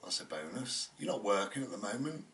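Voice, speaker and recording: Low-voiced man rambling reflectively. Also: sing-song, a little fast, fairly bright tone, distant mic, slight background noise. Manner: chatty, meandering, reflective, full of fillers. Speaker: channel host. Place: indoors at home.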